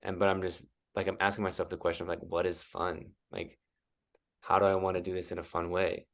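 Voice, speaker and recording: A man's voice: low voice, flat delivery, fast, a bit bright. A man as a guest coach in a casual interview, talking loosely and leaning on "like" as he thinks aloud. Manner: rambling, heavy use of "like".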